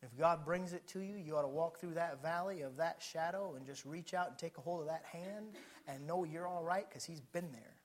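At a normal speed, a man gives an impassioned sermon, directing questions at those listening while swinging from soft, low passages to shouted ones.

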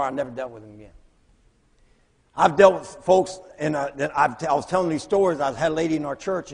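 A man with a raspy, slightly high voice preaches a storytelling sermon, animated and acting out the voices of the characters he quotes. A long reverb from a big hall trails his words.

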